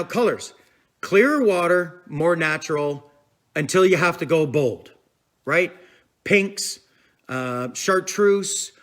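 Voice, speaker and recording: A man hosts a relaxed fishing-tips live stream, talking in a loose, rambling way. His voice sits a bit higher than most men's. He keeps breaking off to greet viewers and answer their comments. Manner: chatty and rambling, with fillers like "I'm telling you" and "man"; reads out and answers viewer comments as they come in. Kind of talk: casual live-stream chat.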